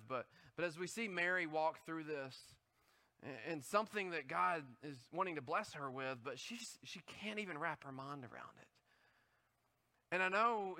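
A male pastor preaching a sermon in an animated, conversational way, often asking the audience questions. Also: a little high, clear, resonant tone.

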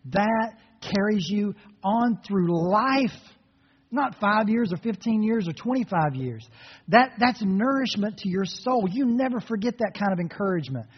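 A man preaching a sermon as a pastor, retelling a story in an earnest, storytelling manner and dropping to soft, reflective tones. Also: sits high, breathy edge. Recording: reverberant hall, dull muffled sound.

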